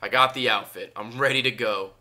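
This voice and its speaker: A man's voice: medium pitch, steady tone, fairly quick, bright, forceful tone. A man giving casual livestream commentary over gameplay, joking and bantering with chat. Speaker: streamer. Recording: game music playing behind.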